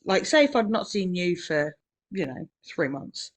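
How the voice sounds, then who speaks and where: A New woman talks in a loose, chatty way on a podcast, filling her story with "um"s and "you know"s. She rambles but keeps a warm, storytelling flow, with quick laughs between remarks. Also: lowish voice, big pitch swings. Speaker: podcast co-host. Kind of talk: casual conversation.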